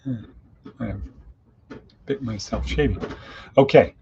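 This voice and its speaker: A man's voice: mid-range voice, a little slow, creaky, warm tone. A man hosting a daily podcast in a casual, folksy monologue full of plain-spoken idioms. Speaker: podcast host. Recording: dull lo-fi with faint hiss.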